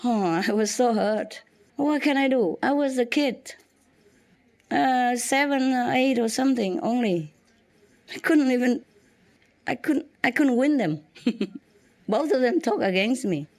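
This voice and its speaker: Woman, halting. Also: a little high, lively intonation, a little mellow. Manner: halting, frequent restarts and fillers. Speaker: spiritual teacher. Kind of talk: personal storytelling to students.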